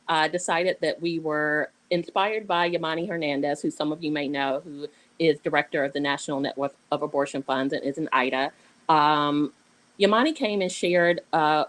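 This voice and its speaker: A woman's voice: low-pitched, rough recording. A woman with a Southern US accent, an anthology co-editor reading a playful piece of her own aloud on a video call, with sassy asides. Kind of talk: online panel reading.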